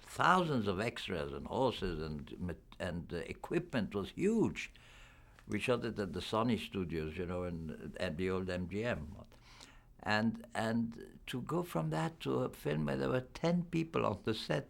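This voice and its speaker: A man's voice: on the low side, vocal fry. An older man, a film actor, giving a candid, reflective press interview.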